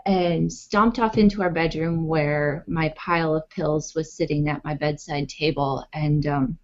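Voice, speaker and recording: Give me a woman with a low voice telling her story animatedly, recorded on dull, lo-fi audio. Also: a little slow. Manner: animated, acts out quotes, many fillers. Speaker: interview guest, author and blogger. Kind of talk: conversational storytelling.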